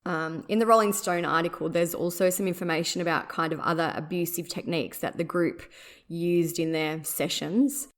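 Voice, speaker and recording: A woman hosts a podcast and reads from her notes in a measured, steady way. Her voice sits on the lower side, with an occasional "um" between points. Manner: measured, reading aloud with fillers. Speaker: podcast host.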